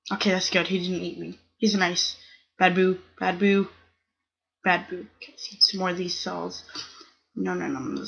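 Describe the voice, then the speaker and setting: A young woman hosts her gaming channel and chats casually while she plays, talking to the other players and squealing strings of "no" to scold them. Her voice sits fairly low, with a level tone, normal speed, and a gravelly, slightly bright quality. The highs in the recording are cut off.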